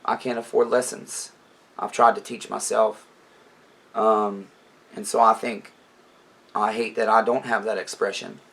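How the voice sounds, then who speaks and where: A man's voice: on the low side, level tone, unhurried, vocal fry, long pauses, fairly bright tone. A man giving an emotional, rambling reaction to a song, talking straight to his viewers and calling them neighbors.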